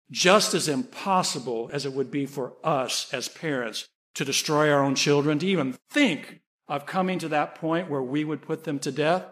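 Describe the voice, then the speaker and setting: An earnest middle-aged preacher with a high-pitched voice delivers a sermon. He tells a story quietly, then rises into pleading emphasis as he urges his listeners.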